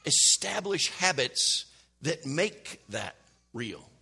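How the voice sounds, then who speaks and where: Husky, bright-voiced man preaching. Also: fairly high pitch, big pitch swings, slow pace. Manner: conversational preaching with rhetorical questions and self-corrections. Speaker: pastor. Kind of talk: sermon.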